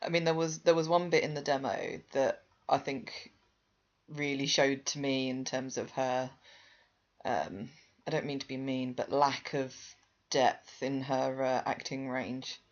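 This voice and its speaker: An English man co-hosting a podcast, talking in an animated, exasperated way as he criticises. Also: medium pitch, unhurried, lo-fi sound. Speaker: podcast co-host. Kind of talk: casual chat.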